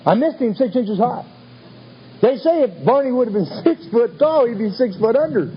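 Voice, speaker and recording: A man's voice: very high voice, lively intonation, normal speed, background noise. A man telling his recovery story to a meeting in a wry, self-mocking, folksy way. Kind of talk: humorous storytelling talk. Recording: dull lo-fi recording with faint ambience.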